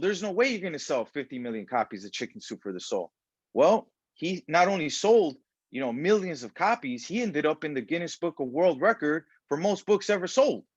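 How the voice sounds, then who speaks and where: A man's voice: on the high side, slightly rough, no room sound. A man working as a life coach gives a casual, rambling motivational talk on a group call. He fills it with "you know" and "right?" and acts out the voices of people he quotes. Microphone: video call. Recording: dull, dry call audio.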